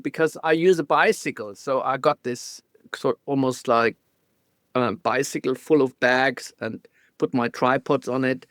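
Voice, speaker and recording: With a medium-pitched, slightly bright voice and a German accent, a guest photographer shares stories in a relaxed interview. He frequently stops and starts over, giving small laughs. The audio is clean studio sound without echo.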